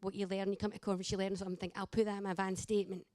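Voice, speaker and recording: A woman's voice: medium pitch, level tone, rapid-fire, dark tone, no echo. Earnest woman giving a talk. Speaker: carer and daughter, speaker. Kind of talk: conference talk.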